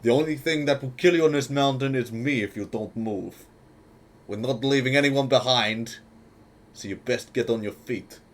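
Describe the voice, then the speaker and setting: A stern, commanding leader gives hard orders in a firm, gruff tone, as a man plays him. His voice sits at an ordinary middle pitch. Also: normal speed, lightly acted.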